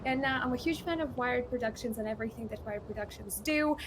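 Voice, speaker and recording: A woman's voice: on the high side, fast, background noise. A woman from Russia co-streaming a game, joking and bantering with her co-host. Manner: playful, jokey banter. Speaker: streamer guest. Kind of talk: casual co-streaming chat.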